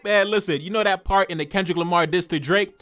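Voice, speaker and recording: A man hosting a casual reaction video, talking in animated slang and repeating phrases for emphasis. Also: sits high, quick pace. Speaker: YouTube reaction host.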